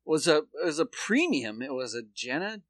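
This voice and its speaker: A man's voice: on the high side, moderate pace, no echo. A man co-hosting a comedy podcast, telling a long story in a loose, swearing, laughing way. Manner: animated storyteller, laughs often, swears freely. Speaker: podcast co-host. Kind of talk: casual comedic chat.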